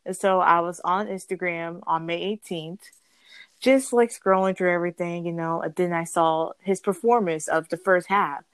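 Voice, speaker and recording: A young woman with a fairly low voice tells a casual story in a bubbly, rambling way. She corrects herself often and breaks into giggles. The sound is close and dry. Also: fairly even intonation, normal speed, clean tone, no echo. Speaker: guest storyteller.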